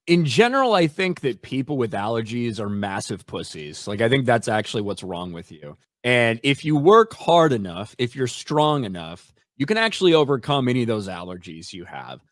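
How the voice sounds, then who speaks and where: A man's voice: medium pitch, sing-song, moderate pace, few pauses, no echo, studio quality. A man hosting a podcast, talking casually in a brash, profane, mocking way. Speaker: podcast host. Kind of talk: casual chat.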